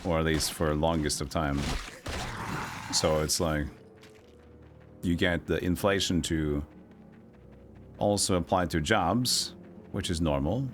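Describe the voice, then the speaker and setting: A man's voice: sits low, slow pace, long pauses, a little hiss or hum. A young man chatting casually while streaming a video game and reading chat aloud. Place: home streaming setup. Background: game music.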